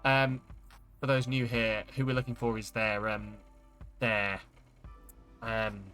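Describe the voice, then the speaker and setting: Guy streaming a story game, rambly chatty talk, mid pitch, faint game music behind. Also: fairly even intonation, slow pace, bright, forceful tone. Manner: chatty, rambling, self-correcting. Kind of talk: casual game commentary.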